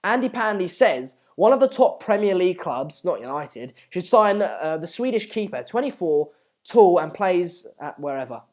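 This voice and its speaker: A man's voice: high voice, big pitch swings, moderate pace, darkish tone. A man hosting a live football watchalong, chatting casually and reading out viewer comments. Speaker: live stream host.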